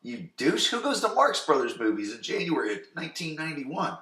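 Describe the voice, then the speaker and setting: A man's voice: on the high side, very animated, brisk, fairly bright tone, pitched above the performer's own voice. A man voicing an indignant, protective teenage brother who scolds in exasperation. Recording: roomy echo.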